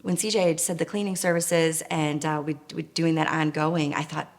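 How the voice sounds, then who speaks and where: Low gravelly woman telling her story. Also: little pitch movement, moderate pace. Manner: earnest, emotional, with frequent fillers. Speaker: nonprofit co-founder. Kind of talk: personal storytelling.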